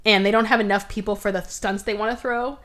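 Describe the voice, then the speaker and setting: A podcast host with a mid-range, fairly bright voice talks fast and keeps her intonation fairly even. In a casual chat she lively retells a movie's plot, performing the characters' lines and cursing freely.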